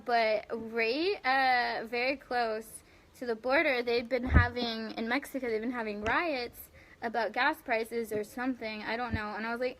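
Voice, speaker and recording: Answering viewers by name on her relaxed live stream, the young woman giggles and rambles, leaning on fillers as she reads their comments. She speaks at a moderate pace in a steady, slightly high, somewhat bright voice.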